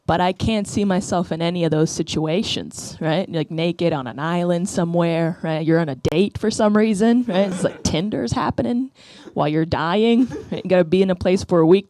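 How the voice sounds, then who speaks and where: Speaking into a stage mic at a comedy club, a woman in her 30s from the Bronx runs a rambling routine at her own expense, often checking in with "right?" Her pitch is fairly low and slightly mellow, her pace moderate with hardly any pauses, and the sound is dry.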